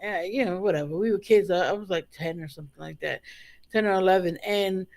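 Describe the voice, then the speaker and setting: Relaxed co-host voice, casual chat, personal anecdotes, mid pitch. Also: quick pace, gravelly. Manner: relaxed, chatty, tells personal stories.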